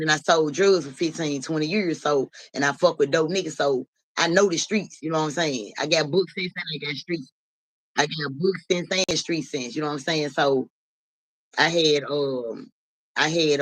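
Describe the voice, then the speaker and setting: Animated, slangy woman telling a street story. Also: no room sound. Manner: animated, slangy, profane, keeps asking "you know what I'm saying"; acts out voices in the story, rising high and loud. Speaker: live-stream host. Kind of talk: casual storytelling on a live stream.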